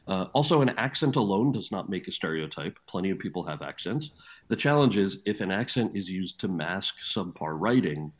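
A man with a slightly low voice speaks as an interview guest. He is an actor and author, and he tells his anecdotes in a candid, earnest and lively way. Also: brisk. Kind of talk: storytelling interview.

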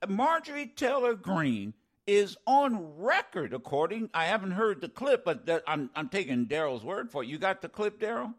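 A middle-aged man hosting a call-in radio talk show, animated and indignant, with sarcastic asides. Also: sits high, moderate pace.

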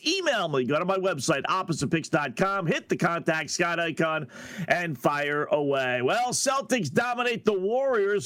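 A man's voice: high voice, a bit bright, dry recording. A middle-aged man hosting a sports betting radio show, talking in a brash, sarcastic, rambling monologue.

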